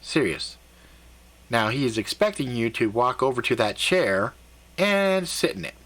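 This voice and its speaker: A man voicing a casual, reassuring male alien elf guide who explains things quickly and easily. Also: medium pitch, sing-song, a bit bright. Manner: casual, easygoing, fast explaining.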